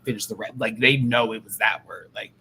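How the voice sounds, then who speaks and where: A man's voice: on the low side, a little fast, slightly rough, rough recording. Sassy, profane man hosting a chat show. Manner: sassy, profane, rambling and animated. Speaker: podcast host. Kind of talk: casual pop-culture chat.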